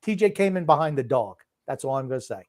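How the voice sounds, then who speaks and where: A man's voice: mid-range voice, lively intonation, fast, a little mellow. An older man co-hosting a casual sports chat, reading viewer comments aloud and teasing his family. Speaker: podcast co-host reading comments.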